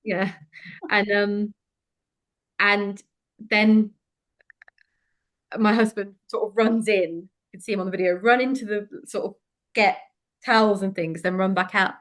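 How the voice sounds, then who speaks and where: A woman telling a personal story in conversation, frank and lively, with many fillers. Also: mid-range voice, measured pace, long pauses. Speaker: interview guest.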